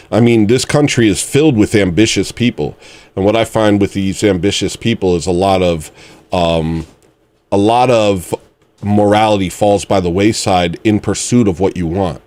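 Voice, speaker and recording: Man, 40s, livestream host; low voice, rambling musings with a mock-serious edge. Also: darkish tone. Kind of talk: casual livestream chat.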